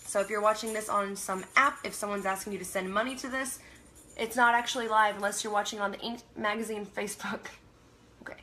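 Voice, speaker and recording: A young Canadian woman hosts a casual livestream, reading viewer comments aloud, laughing often and trailing off mid-sentence. Her medium-pitched voice is brisk, pushed and bright, with fairly even intonation. There's a little hiss or hum on the audio.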